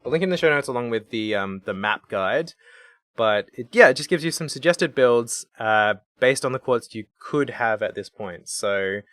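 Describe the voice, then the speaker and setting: A man co-hosting a podcast, chatting about a video game in a relaxed, rambling way. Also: mid-range voice, normal speed, dry recording, clean studio sound. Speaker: podcast co-host.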